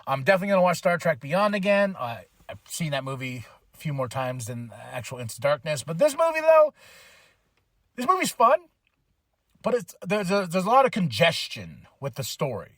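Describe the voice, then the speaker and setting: A man's voice: on the high side, very animated, normal speed, a bit bright, dry recording, studio quality. A man hosting a podcast, casually retelling a film plot in a slangy, rambling way full of fillers. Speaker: podcast host. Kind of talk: casual movie review recap.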